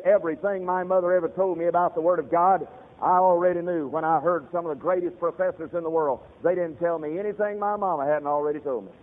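A man's voice: high voice, big-room sound. A man preaching a fiery sermon, telling stories and addressing his congregation directly. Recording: tinny radio broadcast.

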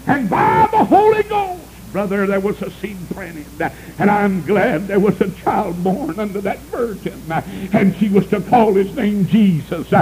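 A man preaching a revival sermon, breaking into sudden high shouted cries and saying "uh" before nearly every phrase. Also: slight background noise, poor audio.

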